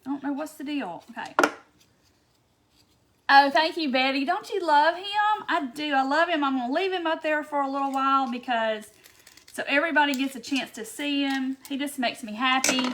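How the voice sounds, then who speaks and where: High-voiced chatty woman craft host. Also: pushed and bright, slight background noise. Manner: chatty, greets viewers one by one. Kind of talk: casual livestream chat.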